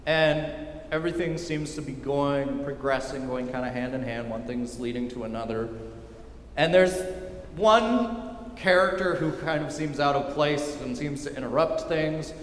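A male pastor preaching a sermon emphatically and with repetition, often dropping to a quiet intensity. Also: mid-range voice, unhurried, a little hiss or hum. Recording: echoey hall with long reverb.

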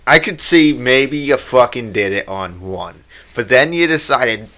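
A man's voice: medium pitch, expressive, unhurried, sharp tone. A man in casual chat who laughs often and swears casually.

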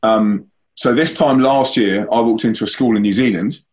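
A young man from a Christian band, telling a long story to a school audience and acting out the voices in it. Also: moderate pace. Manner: animated, acts out quoted voices with big pitch leaps. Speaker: Christian band member giving a school talk. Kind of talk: storytelling speech.

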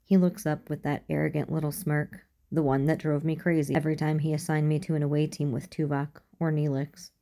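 A woman reading a first-person fan fiction story aloud as an audiobook, in a calm and even storytelling manner. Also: sits low, a little fast, few pauses. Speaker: audiobook reader.

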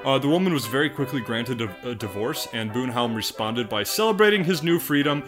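A man co-hosting a podcast, telling a story in casual chat, animated and playful, often laughing. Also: medium pitch, fairly quick, over music. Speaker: podcast co-host.

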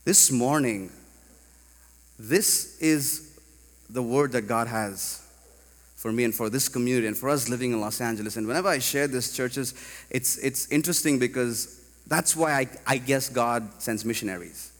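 A man from India preaching a sermon to a congregation, animated and rising to loud emphatic peaks. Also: mid-range voice, moderate pace, in a large hall. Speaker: pastor. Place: large church hall.

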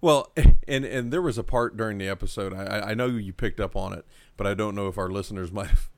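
A man's voice: lowish voice, quick pace, no echo. A man co-hosting a podcast, chatting casually and making wry, dry jokes. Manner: relaxed, wry, dryly joking. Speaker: podcast co-host. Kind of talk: casual chat recapping a show.

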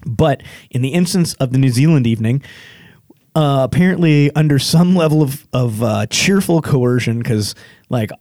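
A man in casual podcast chat, spinning anecdotes with lively energy and breaking into higher put-on voices for the people in his stories. His voice sits at an ordinary middle pitch. The sound is close and dry, with no room around it. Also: moderate pace, no echo. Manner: animated storyteller, mimics others in jumpy high voices. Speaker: podcast guest.

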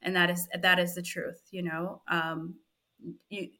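A middle-aged woman, a fertility physician assistant, telling an emotional story on a podcast in lively reported speech. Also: on the low side, a little slow. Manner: animated, frequent "I was like" reported speech.

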